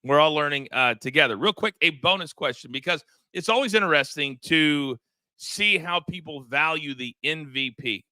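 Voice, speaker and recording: Bright-voiced energetic male sports host. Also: fairly high pitch, moderate pace, dry recording. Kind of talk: sports betting show chat.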